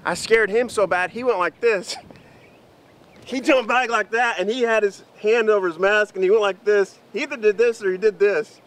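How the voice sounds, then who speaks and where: A man telling a story to the camera in an animated, chatty vlog. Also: high-pitched, moderate pace, background noise. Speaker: vlogger.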